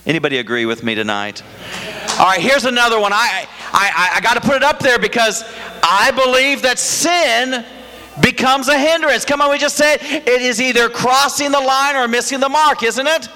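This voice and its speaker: A man's voice: extremely high pitch, normal speed, sharp tone. A man preaching a sermon in a church, talking conversationally and firing rhetorical questions at the congregation. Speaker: pastor. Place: church sanctuary. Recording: echoey hall reverb.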